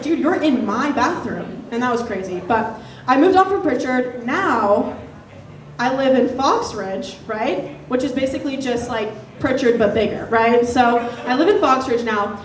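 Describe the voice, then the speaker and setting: A woman's voice: high-pitched, lively intonation, normal speed, a little hiss or hum. A young woman doing a stand-up set, telling a story in a chatty way with laughing asides. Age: young adult. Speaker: stand-up comedian. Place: comedy venue. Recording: echoey room, distant mic.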